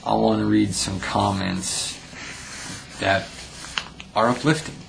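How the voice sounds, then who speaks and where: A young man with a very low, gravelly voice delivers a blunt, profane commentary vlog. He stumbles into restarts as he reacts to comments, and a faint hiss sits under the recording. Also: fairly even intonation, takes it slowly. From United States. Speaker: vlogger reading viewer comments.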